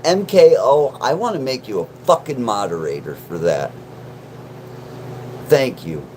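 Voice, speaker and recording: A man's voice: mid-range voice, sing-song, measured pace, warm tone, a little hiss or hum, rough recording. A man hosting a casual livestream from his mom's basement, joking and swearing as he chats with viewers. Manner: profane, joking, self-mocking. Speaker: livestream host.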